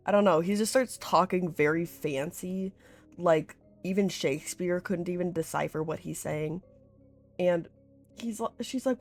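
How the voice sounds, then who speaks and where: A woman vlogger recaps a series in a casual, rambling chat packed with filler words like "like," plus laughter and swearing. Her voice is lowish and a little slow, with faint music in the background.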